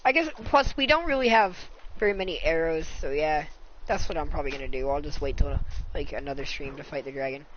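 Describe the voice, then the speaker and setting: Low-energy man streaming a game. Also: quick pace, slight background noise. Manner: low-energy, monotone, swears casually. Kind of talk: casual live gameplay commentary. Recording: muffled lo-fi mic.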